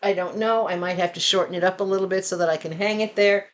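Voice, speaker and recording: A woman with a Southern American accent chatting casually and expressively to her viewers from home. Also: quick pace. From Southern United States. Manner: chatty and expressive, rising to animated pitch when excited. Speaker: vlogger. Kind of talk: casual chat.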